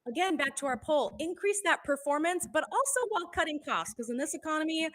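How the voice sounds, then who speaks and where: High, bright-voiced woman TV host. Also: expressive, a little fast. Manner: upbeat, presenter-like delivery. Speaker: TV show host. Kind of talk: live TV hosting.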